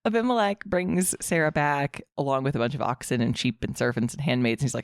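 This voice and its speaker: A low-pitched woman co-hosting a casual podcast, breezily retelling an old story in everyday slang. She talks in a dry, close sound with no room echo. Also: brisk, hardly any pauses. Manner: breezy storyteller who acts out the figures in slang. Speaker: podcast co-host.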